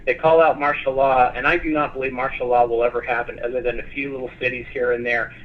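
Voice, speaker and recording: A man appearing as a guest on a talk show, speaking in a passionate, animated way. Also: medium pitch, quick pace, narrow, tinny audio. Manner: passionate, animated, lively storytelling.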